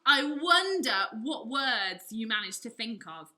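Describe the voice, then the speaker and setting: A woman leading a children's drama lesson from home, coaxing in a lively teacher's manner and breaking into loud acted outbursts. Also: fairly high pitch, measured pace, poor audio.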